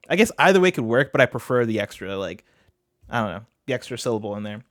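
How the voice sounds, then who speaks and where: A man's voice: mid-range voice, very animated, quick pace, fairly bright tone, no room sound, clean studio sound. A man streaming casually, thinking aloud and often trailing off mid-sentence as he talks through his lyrics. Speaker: streamer writing rap lyrics. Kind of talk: casual livestream chat.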